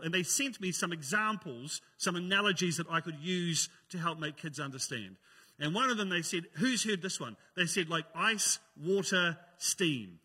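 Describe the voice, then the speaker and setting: Bright-voiced man preaching in an echoey hall. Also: fairly high pitch, breathy edge. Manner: joking, conversational preaching. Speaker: pastor. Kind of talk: sermon.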